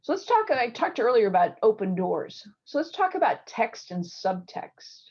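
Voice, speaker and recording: A middle-aged woman surgeon giving interview advice in an online talk, telling stories lively and acting out the people she quotes. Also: on the high side, moderate pace, husky. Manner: lively storytelling with acted quotes. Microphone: video call. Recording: dull lo-fi video call audio.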